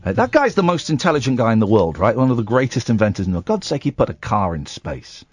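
A man hosting a late-night radio phone-in, incredulous and quick to joke. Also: medium pitch, very animated, slightly rough, faint music behind. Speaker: radio host. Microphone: studio microphone.

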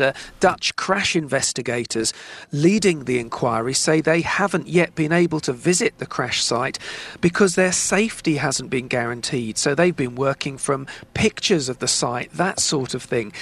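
A man's voice: on the high side, fairly bright tone. A male news reporter explaining a story steadily, with some fillers. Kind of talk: news report in a studio two-way.

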